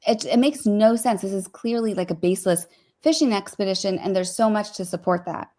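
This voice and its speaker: A woman's voice: medium pitch, dark tone. Opinionated woman talking with lots of "like". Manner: opinionated, heavy use of "like", rapid asides. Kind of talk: casual commentary chat.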